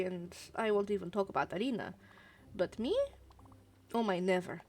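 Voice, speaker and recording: A woman's voice: fairly high pitch, darkish tone, slight background noise. A woman doing a coy gossipy old knitter woman.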